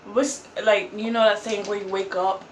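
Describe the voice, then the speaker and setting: A woman's voice: medium pitch, flat delivery, normal speed, a little hiss or hum. A woman vlogger telling a story in a casual, rambling way, full of fillers and restarts. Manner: rambling, filler-heavy with frequent "like" and "um". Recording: roomy echo with faint ambience.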